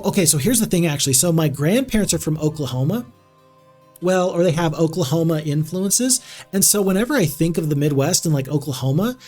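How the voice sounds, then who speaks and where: A man's voice: fairly high pitch, a little mellow. A man streaming a strategy game, chatting loosely with viewers and reading their messages aloud, with many fillers and restarts. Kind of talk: casual gameplay stream chat.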